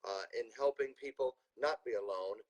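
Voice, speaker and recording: A man with a slightly husky voice hosts a live show over a video call. He heaps praise and thanks on his guest in a steady, mid-pitched voice. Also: moderate pace, rough recording. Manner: warm, effusive praise. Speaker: host.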